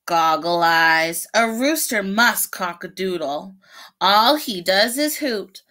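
A woman's voice: mid-range voice, lively intonation, slow, sharp tone. A woman voicing a group of bossy, mean female hens who mock the others in a picture-book story. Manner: scornful, mocking.

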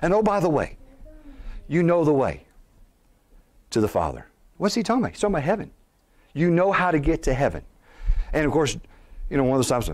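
A middle-aged man preaching a sermon as pastor, animated, posing rhetorical questions and building toward near-shouts. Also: fairly high pitch, fast talker, pauses often.

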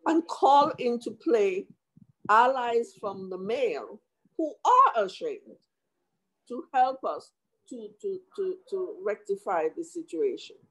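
A woman's voice: mid-range voice, animated, slow, fairly bright tone, poor audio. A woman commissioner speaking at a formal hearing over a video call, impassioned and emotional, with many restarts.

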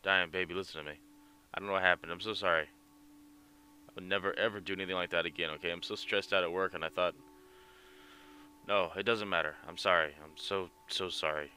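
A man voicing a remorseful young man who speaks softly and soothingly, with game music underneath. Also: low voice, steady tone, brisk, long pauses.

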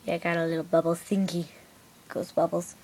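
Her voice is on the low side and a little mellow, with little pitch movement, and she talks fairly quickly over a faint hiss or hum. She's a woman new to making videos, rambling casually beside her bed at home and drifting into whispers, filmed on a handheld music player.

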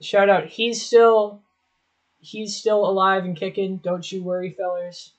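A young adult vlogger gives casual reaction commentary on old clips, swearing often, mocking themself, and laughing. The voice is medium-pitched, flat, and measured, on a rough recording.

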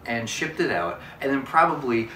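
Man, comedy unboxing host, bright voice, fake-sincere salesman pitch, roomy echo with the mic set back. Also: animated, normal speed, distant mic, a little hiss or hum. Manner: mock-earnest, overexcited salesman patter. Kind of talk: mock product review.

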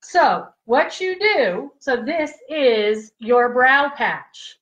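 A woman with a high voice walks viewers slowly through a beauty demo on a live stream. She chats, giggles and keeps checking in with her audience, and the audio sounds dull and lo-fi. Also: sing-song, a bit bright. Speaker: livestream host demonstrating skincare patches. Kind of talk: casual live product demo.

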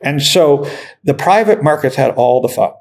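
A middle-aged man speaking as an investor guest in a casual podcast interview, blunt, cynical and quick to swear. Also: on the high side, expressive.

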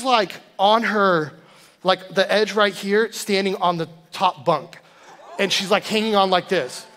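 A man in his thirties preaching a sermon, an animated storyteller who acts out his family's voices. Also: sits high. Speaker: guest preacher. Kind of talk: sermon with personal stories. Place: church sanctuary. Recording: long church hall reverb.

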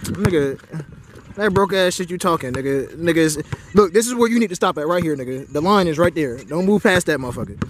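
A man's voice: on the high side, animated, fairly quick, noisy background. A man on an outdoor basketball court taunting his opponent with profane, mocking trash talk. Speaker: trash-talking basketball player. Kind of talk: mocking trash talk during a one-on-one game. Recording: loud music over the voice. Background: hip hop music.

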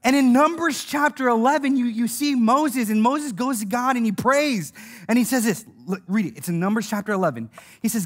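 A man preaching a sermon in an animated, joking way, laughing as he tells the stories and acting out the voices he quotes. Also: extremely high pitch, moderate pace.

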